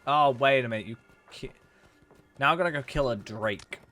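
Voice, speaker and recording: A man's voice: medium pitch, moderate pace, sharp tone. A young man live-streaming a video game, chatting casually with viewers in a chatty, self-mocking way and breaking into frustrated rants. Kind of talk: casual live-stream chat while gaming.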